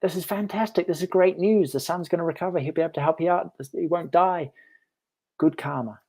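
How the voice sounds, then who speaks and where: A man voicing an excitable village neighbor who exclaims dramatically at every turn of events. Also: fairly high pitch, normal speed, vocal fry, slightly rough, voice pushed up, heavily acted. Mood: excited.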